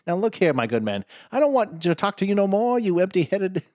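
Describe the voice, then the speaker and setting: A man doing a loud, mocking Frenchman. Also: sits high, very animated, a little fast, voice pushed up. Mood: taunting. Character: rude taunting Frenchman guard on a castle wall.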